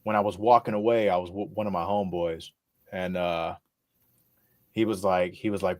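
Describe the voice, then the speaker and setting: A man's voice: low-pitched, fairly even intonation, normal speed. Profane laid-back man telling party stories. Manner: profane, laughing, acts out quotes loudly. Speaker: podcast co-host. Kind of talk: casual podcast storytelling. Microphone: podcast mic.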